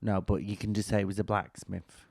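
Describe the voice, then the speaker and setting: A man's voice: fairly low pitch, little pitch movement, brisk, creaky, darkish tone, no room sound, clean studio sound. A man with a Northern English accent, co-hosting a comedy podcast in a chatty, self-mocking way and swearing casually. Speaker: podcast co-host, actor and stand-up comic.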